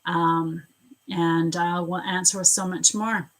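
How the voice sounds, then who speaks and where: A woman's voice: fairly low pitch, little pitch movement, slow, fairly bright tone. A woman doing a live psychic reading, chatting casually with viewers, greeting them by name and restarting her sentences often. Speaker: psychic reader on a livestream.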